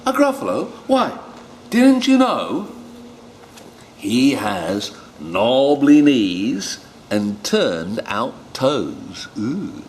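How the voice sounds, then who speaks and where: A quick-witted little brown mouse from a storybook, voiced by a man, pitched somewhat higher than a normal speaking voice. He sounds chirpy and teasing, and bright with cheek. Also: huge pitch swings, slight background noise, full character voice. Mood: cheeky.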